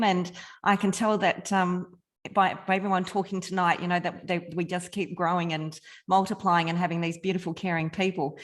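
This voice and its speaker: A woman speaking on a team video call in a heartfelt, slightly halting way. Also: medium pitch. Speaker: team member making an announcement. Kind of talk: casual video call speech.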